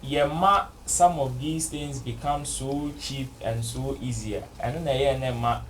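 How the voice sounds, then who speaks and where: A man's voice: medium pitch, fairly even intonation, unhurried, a little hiss or hum. A man, a co-host, giving his opinion hesitantly and repeating phrases as he thinks. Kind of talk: opinion discussion.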